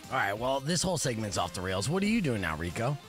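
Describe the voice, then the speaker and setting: A man's voice: medium pitch, sing-song, fast talker, a bit bright, faint music behind. A man hosting a casual radio podcast, rambling and joking while fighting the hiccups. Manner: rambling, jokey, interrupted by hiccups. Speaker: podcast host.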